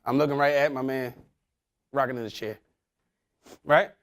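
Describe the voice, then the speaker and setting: A man's voice: medium pitch, steady tone, normal speed, a bit bright. A man giving a motivational talk, quizzing his young audience in casual slang. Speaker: motivational speaker.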